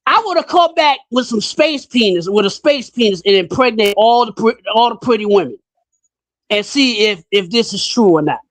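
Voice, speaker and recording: A man hosting a casual podcast chat, talking bluntly and in an animated way, his pitch jumping up when he gets riled. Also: normal speed, no room sound. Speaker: podcast host.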